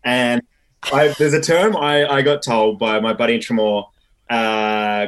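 A man's voice: mid-range voice, steady tone, unhurried, a bit bright, slight background noise. A man being interviewed over a video call as an actor guest, friendly and joking. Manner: friendly, joking, laid-back. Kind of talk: casual interview chat.

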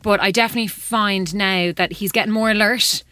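A woman, co-hosting a podcast and chatting candidly with quick asides. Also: mid-range voice, fairly even intonation, sharp tone, no echo. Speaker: podcast co-host. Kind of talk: casual chat.

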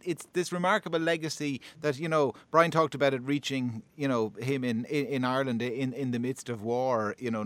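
Radio presenter leading an interview. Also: male voice, mid-range voice, fairly bright tone, dry recording. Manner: stumbling, eager, quick restarts.

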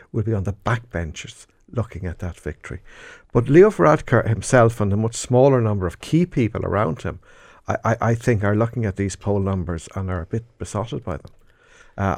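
A man giving measured political commentary on a radio panel, pausing with fillers as he thinks. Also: fairly low pitch, darkish tone, dry recording, studio quality.

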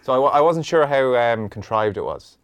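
A man's voice: medium pitch, lively intonation, fairly quick, no echo. A man co-hosting a podcast in casual chat, wry and conversational as he steers the talk along. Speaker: podcast co-host.

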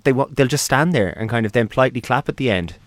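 A man's voice: mid-range voice, expressive, fast talker, heavy background noise. A man, hosting a radio interview in a jokey, teasing, chatty way. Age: 30s. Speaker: radio show host. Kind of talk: casual interview chat.

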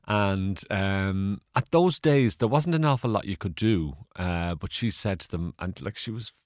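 In a deep, animated voice, a little slow, the Irish guest rambles through casual stories, laughing and using fillers. It's studio quality with no room sound.

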